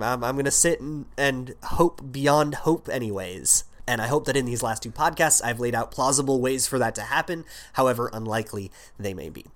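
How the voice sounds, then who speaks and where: A man's voice: fairly low pitch, fairly bright tone. A man with a sick voice hosting his own sports podcast, talking loosely with lots of fillers and restarts. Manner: rambling, many fillers and restarts. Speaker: podcast host. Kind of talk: solo sports podcast talk.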